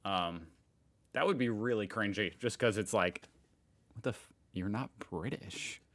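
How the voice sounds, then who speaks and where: A man from the United States, his voice on the low side and a bit bright, talks a little slowly. He hosts a casual reaction video from a home room in Indiana, reading posts out loud with amused, chatty commentary.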